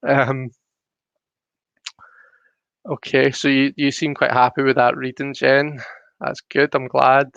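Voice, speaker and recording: A Scottish man of middle pitch talks through tarot cards on a live stream, friendly and explanatory, often stopping to restart a sentence. The audio is dull and lo-fi, and the dry sound has no room echo. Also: flat delivery, takes it slowly, creaky, pauses often, fairly bright tone, smooth. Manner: chatty, explanatory, full of "you know" fillers and restarts. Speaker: tarot reader on a livestream.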